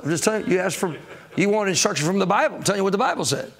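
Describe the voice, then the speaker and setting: A man's voice: high-pitched, animated, very fast, fairly bright tone, a little hiss or hum. A man preaching a sermon as pastor of a church, calling out to the congregation for answers and acting out people's excuses. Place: church sanctuary.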